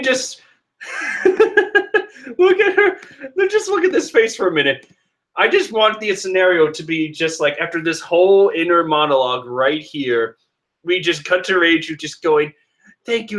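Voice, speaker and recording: Sarcastic guy reading a manga chapter and riffing, kinda high voice that swings all over. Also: lively intonation, moderate pace, fairly bright tone. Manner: sarcastic and joking, laughs often. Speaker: manga reader commentator. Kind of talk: casual chapter read-through with commentary.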